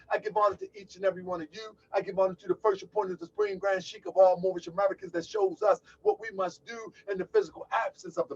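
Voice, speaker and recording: This call-in show host has a husky voice that sits high. He talks in a chatty, loose livestream style, exclaiming and laughing during setup, recorded on a distant, dull lo-fi mic.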